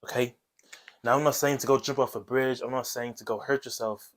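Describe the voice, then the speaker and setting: A man gives blunt, coaching advice straight to camera. His voice sits at an ordinary middle pitch, and he tags his points with "okay?" and casual swearing. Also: fairly even intonation, brisk. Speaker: self-improvement video host. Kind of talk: direct-to-camera advice monologue.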